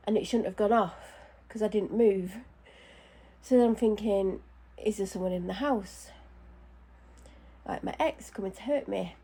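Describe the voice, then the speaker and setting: A woman's voice: mid-range voice, dark tone, breathy edge. A woman chatting casually at home while doing her skin care, anxious and out of breath. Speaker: vlogger. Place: home bedroom.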